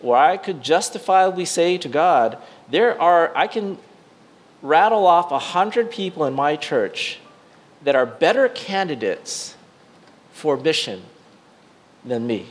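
Speaking slowly in a slightly high voice, a middle-aged pastor tells a personal story in his sermon. His delivery shifts from excited bursts to hushed quiet, with frequent restarts and filler words.

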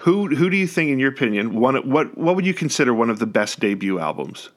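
Friendly male interviewer, relaxed chat. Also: mid-range voice, fast talker. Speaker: interviewer, podcast host.

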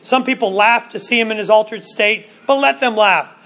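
A man preaching a sermon in an earnest way, slowing down for emphasis and often restarting his words. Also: high-pitched, bright, forceful tone. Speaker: pastor.

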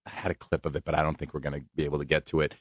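An American man hosting a sports radio talk show, ranting and joking in an animated, self-mocking way. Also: extremely low pitch, rapid-fire, husky, no echo, studio quality.

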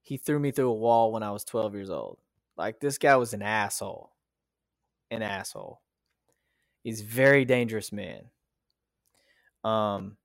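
A man's voice: on the low side, no room sound, clean studio sound. A man in his thirties telling a personal story as a podcast guest, emotional and profane, with many fillers and restarts. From United States. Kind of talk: casual storytelling.

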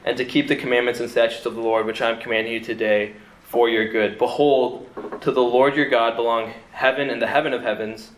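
A man's voice: mid-range voice, little pitch movement, brisk. Young man giving a casual sermon in an echoey room. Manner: conversational, frequent "like" and repeated restarts. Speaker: seminary student giving a talk. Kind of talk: casual sermon talk with scripture reading. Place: room with a group of listeners. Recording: roomy echo.

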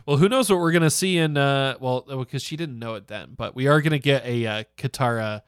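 A young man co-hosting a casual podcast chat, animated and laughing often, with plenty of fillers. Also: mid-range voice, a little fast, clean tone, dry recording, clean studio sound. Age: young adult. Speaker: podcast co-host.

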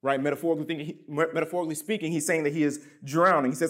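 Reading from scripture as he preaches, a man serving as pastor presses his points with emphatic falls in pitch and loudness. He races along with few pauses, his intonation fairly even.

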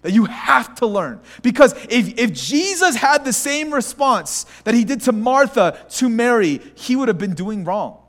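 A man preaching a sermon as a pastor, swinging between hushed, slow words and raised, urgent ones. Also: very high-pitched, sing-song. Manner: acts out voices of people in the story.

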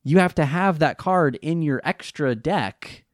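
A man co-hosting a podcast in casual chat, recapping an episode in a rambling, hesitant way and jumping up in pitch on excited questions. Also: measured pace, dry recording, studio quality. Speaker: podcast co-host recapping an anime.

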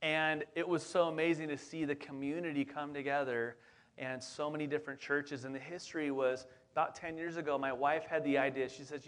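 A man's voice: on the high side, little pitch movement, brisk, fairly bright tone. A lead pastor in his forties preaching a casual sermon, chatty and upbeat, talking straight to the congregation with plenty of fillers and asides.

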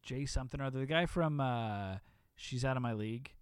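A man's voice: mid-range voice, a little fast, smooth, dry recording, clean studio sound. A man co-hosting a podcast, chatting casually and rambling, swearing often as he retells things. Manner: profane, rambling, animated retelling. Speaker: podcast co-host. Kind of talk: casual chat.

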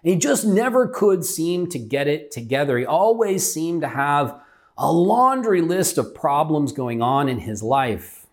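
Earnest pastor telling a story, slightly high voice. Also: male voice, sing-song, a little slow. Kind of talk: sermon storytelling.

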